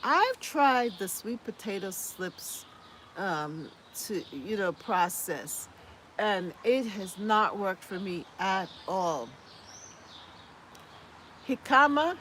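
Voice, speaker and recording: An American woman hosts a casual gardening live stream, reading viewer comments aloud and chatting back with easy laughs. Her mid-range voice is expressive and fairly bright, her pace slow, with a little hiss or hum.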